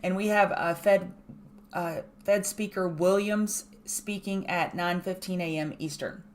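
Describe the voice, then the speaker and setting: Woman, trading show host, fairly low voice, live chart analysis, brisk, emphatic, repeats key points, chatty asides. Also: steady tone, a little hiss or hum.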